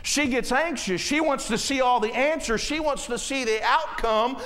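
A man in his thirties preaching a sermon, impassioned and folksy, often rising to shouts as he speaks straight to the congregation. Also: very high-pitched, moderate pace, in a large hall. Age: 30s. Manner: folksy, addresses the congregation directly.

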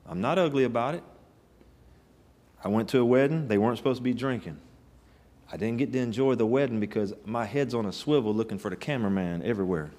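A man's voice: on the low side, darkish tone. A man preaching a sermon, telling stories in a folksy, emphatic way with rising bursts. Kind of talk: sermon with storytelling.

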